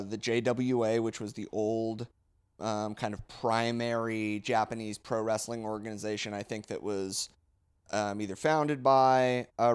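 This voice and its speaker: A man's voice: mid-range voice, clear, resonant tone, dry recording. A man co-hosting a casual podcast, explaining history in a rambling way with many fillers and restarts. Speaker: podcast co-host. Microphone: close podcast mic.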